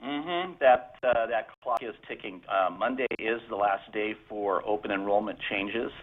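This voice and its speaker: A man's voice: on the low side, measured pace. A man calling in to a radio show as a health insurance representative, explaining things steadily with fillers. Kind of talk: phone-in radio interview. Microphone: telephone. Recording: tinny phone line.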